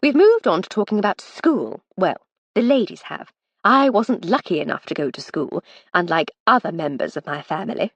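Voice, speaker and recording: A woman voicing a witty, charming Edwardian lady in an audiobook, teasing and brisk. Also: fairly low pitch, big pitch swings, no room sound, muffled recording.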